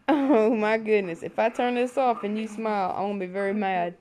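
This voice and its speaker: A woman with a slightly high, animated, a little slow and somewhat mellow voice is sick and under the weather. Filming at home on a handheld camera, she teases and coaxes her baby in playful, sing-song baby talk.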